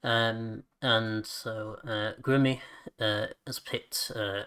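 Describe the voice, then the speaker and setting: A man hosts a relaxed podcast chat with friends. His voice is bright and ringing, and he laughs readily. He trips over repeated words when he gets excited. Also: fairly low pitch, takes it slowly, clear, resonant tone. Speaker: podcast host. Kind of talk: casual chat.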